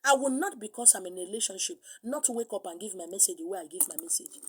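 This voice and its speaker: A middle-aged woman with a Nigerian accent preaching a sermon, animated, slipping into pidgin and acting out other voices. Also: mid-range voice, quick pace, slight background noise. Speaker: spiritual teacher.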